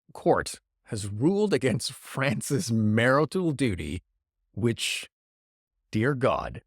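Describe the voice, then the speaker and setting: A man's voice: medium pitch, no echo, studio quality. A man hosting a podcast, rambling and joking in a self-deprecating way through good-news stories. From Canada. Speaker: podcast host. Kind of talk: casual comedic news talk. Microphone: podcast microphone.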